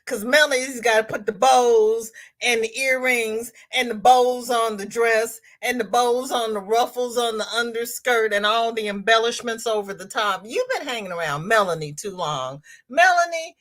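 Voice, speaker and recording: A woman's voice: on the high side, normal speed, hardly any pauses, a bit bright. A woman hosting a casual crochet livestream, chatting in a rambling way and reading viewer comments aloud. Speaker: crochet channel host reading live chat.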